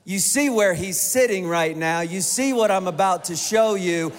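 A man's voice: high-pitched, normal speed. A man preaching a sermon to his church, talking conversationally and joking with the congregation. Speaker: pastor. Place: large church auditorium. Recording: reverberant church hall with congregation and music.

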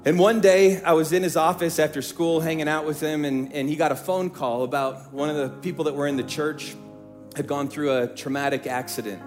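Male pastor, fairly high voice, storytelling sermon, soft instrumental music under it. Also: fairly even intonation, brisk. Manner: storytelling, shifts from hushed to rising emphatic preaching. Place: church stage.

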